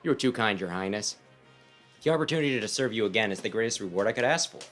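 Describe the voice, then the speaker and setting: A man's voice: lowish voice, lively intonation, fast, a bit bright, soft background music. A man voicing a pompous, overly dramatic male knight with theatrical declarations, reading a game aloud. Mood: grand.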